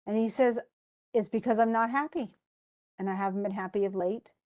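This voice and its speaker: Woman teacher, casual, paraphrases a play's lines in loose everyday speech, mid-pitched. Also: a little fast, a little mellow, lo-fi sound. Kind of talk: casual lesson, retelling a play.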